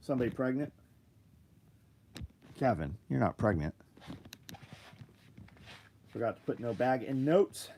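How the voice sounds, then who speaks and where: A man's voice: mid-range voice, darkish tone, slight background noise. A middle-aged man hosting a live stream, chatting loosely, reading viewer comments aloud and swearing freely. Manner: loose, profane, reads chat aloud. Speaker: livestream host. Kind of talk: casual livestream chat.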